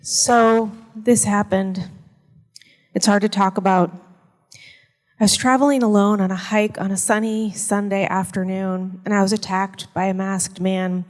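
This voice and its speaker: A woman teacher reading a prepared personal essay in a measured, earnest way. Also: medium pitch, steady tone, big-room sound. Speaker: university teacher in prison education. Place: performance venue.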